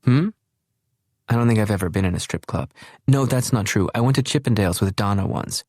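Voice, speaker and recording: A man's voice: fairly low pitch, a little fast, darkish tone, no room sound, pitched above the performer's own voice, close to an everyday voice. A man voicing an anxious, scattered young woman who talks in an eager, chatty and slightly flustered way.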